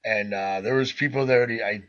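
A man's voice: on the low side, normal speed, a bit bright, highs cut off. A man casually telling a crude party story on a podcast, swearing and laughing as he goes. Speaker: podcast co-host.

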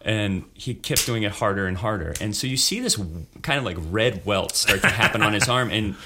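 A man's voice: on the low side, lively intonation, fairly quick, noisy background. A man in casual podcast chat, telling a story in a loose, rambling way with many fillers. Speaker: improv performer, guest.

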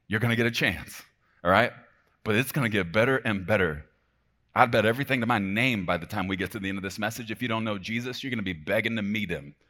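Fervent deep-voiced preacher. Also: male voice. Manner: fervent, swings between shouting and hushed emphasis; talks to the congregation directly with frequent "okay?". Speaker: pastor. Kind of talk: sermon.

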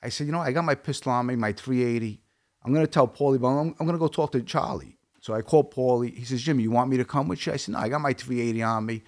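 A man's voice: mid-range voice, fast talker, a little mellow. A man from Brooklyn with a Brooklyn accent, speaking as a guest. He tells his story in a blunt, streetwise way, often quoting the dialogue. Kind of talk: casual interview storytelling.

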